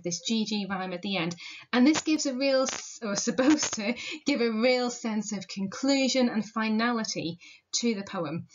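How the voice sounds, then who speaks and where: A female literature teacher explains a poem in a recorded lesson, putting questions to her students, using rhetorical questions and casual fillers. Her voice is a little high, with lo-fi sound and slight hiss or hum.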